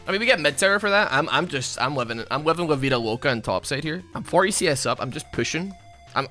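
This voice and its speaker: A young man chats loosely over a game he is playing, his tone bright and edged. He wanders from one thought to the next, pokes fun at himself, and now and then bursts out loudly at what happens on screen. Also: medium pitch. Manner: rambling and self-mocking, with sudden loud outbursts at the game. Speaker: gaming YouTuber. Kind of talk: casual gameplay commentary.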